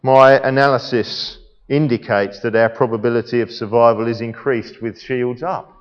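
Spock, as a preacher puts on a calm logical officer. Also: male voice, medium pitch, normal speed, pitched below the performer's own voice, close to an everyday voice. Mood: analytical. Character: coolly logical male starship science officer. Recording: echoey hall, dull sound.

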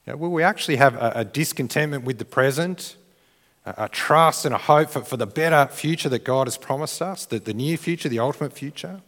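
A man's voice: medium pitch, a little fast. A man preaching a sermon in a conversational, earnest way, often restarting his phrases. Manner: conversational, restarts phrases, rises to shouted crowd cheers. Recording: long reverb of a church hall.

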